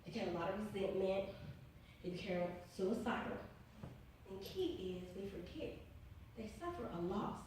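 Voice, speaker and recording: A woman speaks earnestly and with emphasis about her own experience, circling back over the same phrases in a loose, informal way. Her voice is middle-pitched and picked up from some way off the mic. A big, ringing room echo surrounds every word. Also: lively intonation, normal speed, long pauses, darkish tone, a little hiss or hum. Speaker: author and interview guest. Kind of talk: personal storytelling in an interview. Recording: very echoey room, distant mic.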